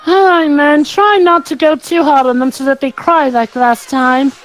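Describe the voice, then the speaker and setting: A woman's voice: high voice, steady tone, moderate pace, close to an everyday voice, poor audio. A woman voicing a wry young boy king. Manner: wry, teasing. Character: earnest young boy king, dryly teasing.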